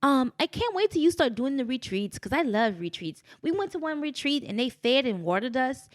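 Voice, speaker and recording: Woman putting on an English accent, chirpy London woman friend, high and lively. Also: brisk, no echo, studio quality. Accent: English, put on.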